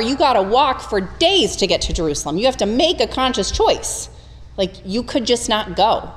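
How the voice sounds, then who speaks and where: A woman preaching a conversational, humorous sermon, retelling scripture with animated storytelling. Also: fairly high pitch, in a large hall.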